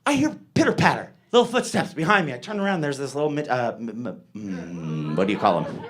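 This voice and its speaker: A man's voice: mid-range voice, big pitch swings, fairly quick, gravelly, a faint crowd. A middle-aged man doing a stand-up set, rambling and profane, laughing at his own jokes. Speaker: stand-up comedian.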